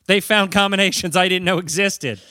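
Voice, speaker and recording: Young man, sardonic riffs, bright tense voice, dry close mic. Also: high-pitched, fairly even intonation, normal speed, no echo. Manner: sardonic riffing. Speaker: podcast co-host. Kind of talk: casual comedic chat.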